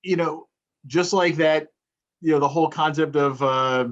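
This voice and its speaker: A man's voice: a little high, fairly even intonation, measured pace, muffled recording. A man who is a motivational speaker, chatting in an interview and acting out tones of voice to explain a point. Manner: demonstrates tone by acting out phrases. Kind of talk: casual interview chat.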